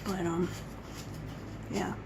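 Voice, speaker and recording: A woman's voice: on the low side, little pitch movement, extremely slow, vocal fry, background noise. A woman vlogger talking at home in a casual coffee-chat monologue, rambling and wandering off on tangents. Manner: rambling, chatty, goes off on tangents.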